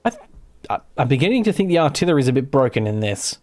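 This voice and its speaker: A man's voice: mid-range voice, very animated, rapid-fire, darkish tone. An Australian man chatting casually while streaming a game live, rambling and correcting himself, with the odd swear. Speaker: gaming streamer. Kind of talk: casual live gameplay commentary.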